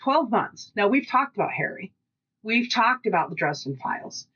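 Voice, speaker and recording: A woman's voice: mid-range voice, moderate pace, slightly rough, dull audio. Chatty woman telling a story. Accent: Pacific Northwest American. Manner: chatty storytelling, animated quoted dialogue. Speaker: podcast co-host. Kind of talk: casual podcast chat.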